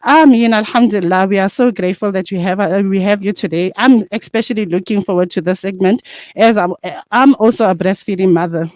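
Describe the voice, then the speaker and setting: A woman's voice: medium pitch, fairly quick, darkish tone. A young adult woman hosting a radio talk show. She reads her introduction with many hesitations.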